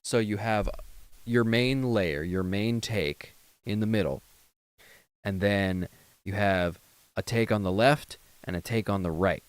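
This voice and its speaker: A man's voice: lowish voice, measured pace, clear, resonant tone, dry recording. Tired man giving rambling mixing tips. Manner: rambling, full of fillers and restarts, gives mixing tips. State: tired and yawning late at night. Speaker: streamer reviewing a viewer's song. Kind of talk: casual feedback chat on a livestream.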